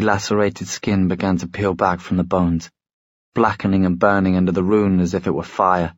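A man narrating a story in a measured, storytelling way. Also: on the low side, no echo, dull audio. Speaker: audiobook narrator. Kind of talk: scripted narration.

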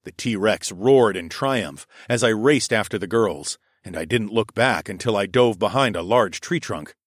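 A young adult man narrating a first-person adventure story in a steady storytelling voice. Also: measured pace, no room sound, studio quality. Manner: steady storytelling, voicing his own lines louder and higher.

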